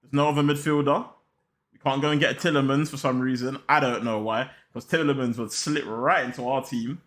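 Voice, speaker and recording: A man's voice: medium pitch, steady tone, brisk, fairly bright tone. A young man hosting a casual football chat, slangy and hyped, talking straight to his viewers. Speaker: football channel host.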